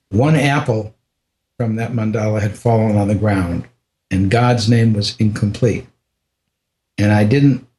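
An older American man, a podcast guest, telling a personal story in a reflective, unhurried way, with frequent restarts and small laughs. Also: fairly low pitch, darkish tone. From United States.

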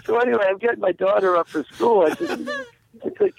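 A man with a rather high voice tells a joke as a comedian guest, acting out the voices as he goes. His line sounds muffled and dull, with no room echo around it. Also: quick pace, creaky, long pauses. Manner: animated storyteller who acts out the voices in his joke. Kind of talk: phone interview, telling a joke.

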